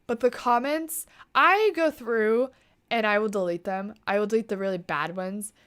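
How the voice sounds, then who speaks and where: A woman's voice: mid-range voice, smooth. Chatty young woman hosting a livestream. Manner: chatty, animated, quick asides. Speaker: livestream host. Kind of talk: casual livestream chat.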